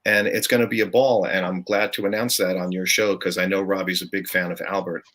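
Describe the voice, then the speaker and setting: A man's voice: low voice, flat delivery, brisk, fairly bright tone. An older man, a guest musician, telling stories in a casual podcast chat and laughing often. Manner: chatty, storytelling, laughs often.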